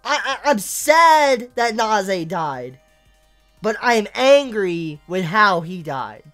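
A woman's voice: mid-range voice, big pitch swings, slow pace, fairly bright tone, soft background music. A woman reviewing anime in an angry, profane rant, stumbling over and repeating her words.

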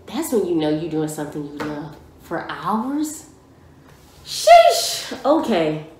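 Young female reaction vlogger, lower register, emphatic casual delivery, roomy echo. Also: normal speed. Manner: excitable, emphatic, slangy. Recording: echoey room.

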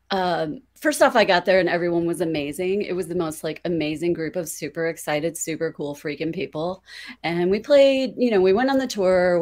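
A woman guest on a podcast telling a story in a casual, excitable way, laughing often and using lots of fillers. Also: lowish voice.

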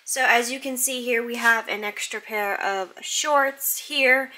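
Young woman, vlogger, slightly high voice, chatty, excitable, bedroom, camera mic. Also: measured pace, a little hiss or hum. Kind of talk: casual vlog chat. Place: her bedroom at home.

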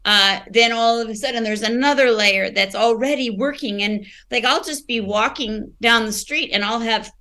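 Woman, podcast guest, candid and reflective, halting restarts, bright clear tone. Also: a little high. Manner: reflective, searching for words with many restarts. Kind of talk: candid personal storytelling.

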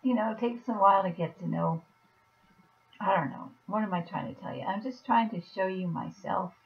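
A woman talking softly and gently to a viewer in a personal video message, reassuring, with halting pauses. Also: mid-range voice, creaky. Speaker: vlogger. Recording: dull lo-fi recording.

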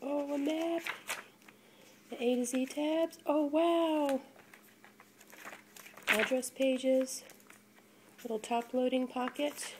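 A woman's voice: high voice, drawn-out words, long pauses, noisy background. Gushing woman unboxing on her phone. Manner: gushing, breathless excitement with gasps. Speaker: vlogger. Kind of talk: casual unboxing chat. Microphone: phone held in hand.

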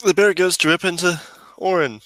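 A man's voice: high voice, fairly even intonation, brisk, pushed and bright, no room sound, poor audio. A man acting as game master, casually narrating monster attacks and joking with the players. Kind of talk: running a tabletop game over voice chat.

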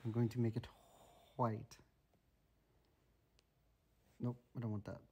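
A man's voice: mid-range voice, level tone, slow, darkish tone, breathy edge. A man playing a video game with his son at home, joking and asking lots of bemused questions, recorded on a tablet. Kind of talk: casual gameplay commentary. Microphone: tablet microphone.

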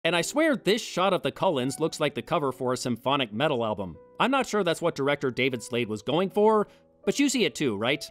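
A man's voice: a little high, sing-song, fairly quick, over music. Sarcastic male film reviewer. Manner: sarcastic, wry asides. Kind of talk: scripted comedic film commentary.

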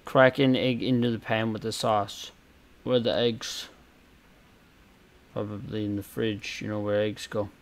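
A young man talks his way through a cooking game in slow, drawn-out bursts, swearing freely and muttering half-finished asides to himself. His voice sits at an ordinary middle pitch, with a faint hiss of noise underneath. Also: flat delivery. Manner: chaotic and sweary, muttering asides with sudden loud outbursts. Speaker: gameplay commentator. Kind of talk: casual gameplay commentary.

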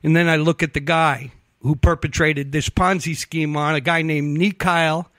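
A man spins a long, profane true-crime tale on a talk show and acts out each person he quotes. His voice sits a little high for a man. It is recorded close and dry, with no room sound. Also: normal speed, no echo. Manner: animated, profane storyteller acting out quotes. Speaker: investigative reporter guest. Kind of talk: casual storytelling on a talk show.

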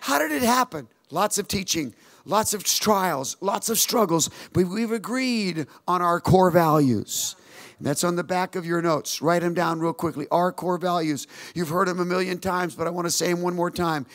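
A man's voice: high-pitched, moderate pace, no echo, studio quality. A man in his sixties, a pastor telling stories in a sermon and calling for amens and responses from the church. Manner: animated storytelling preacher, calls for amens and response.

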